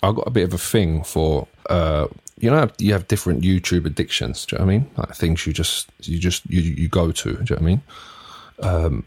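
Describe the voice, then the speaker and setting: A man's voice: deep voice, brisk, a little mellow, husky. A man hosting a solo podcast, rambling and swearing as he jumps between topics. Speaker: podcast host.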